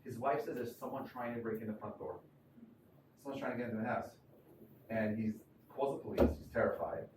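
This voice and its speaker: A man's voice: lowish voice, a little fast. A man speaking as a rabbi at a crowded event, telling anecdotes with many fillers and restarts. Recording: echoey room, far from mic, noisy.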